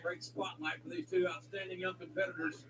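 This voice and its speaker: A man with a folksy drawl calling a wrestling match as play-by-play commentator, excitable. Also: high voice, brisk, background noise. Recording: distant mic under loud arena music.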